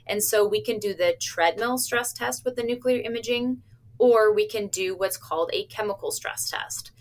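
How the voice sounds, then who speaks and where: Woman, cheerful, explanatory, medical staff, relaxed interview answers. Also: medium pitch, normal speed. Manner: upbeat, explains plainly with little laughs and playful patient quotes. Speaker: cardiac stress test staff member.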